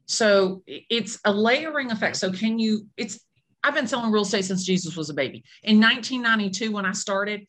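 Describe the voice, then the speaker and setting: A woman's voice: mid-range voice, normal speed. A woman in her fifties, a real estate agent, chatting in an interview and acting out the people she quotes. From Atlanta, Georgia. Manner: animated storyteller acting out quotes. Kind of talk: casual interview chat.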